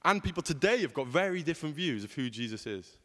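A man's voice: on the high side, big pitch swings, quick pace, a bit bright, in a large hall. A young man preaching a sermon in a conversational way, often asking rhetorical questions.

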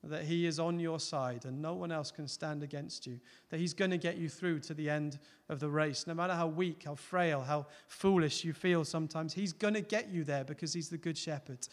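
A man preaching a sermon, earnest, rising to loud emphatic peaks and dropping to soft, close appeals. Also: a little high, normal speed, hardly any pauses. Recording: long hall reverb.

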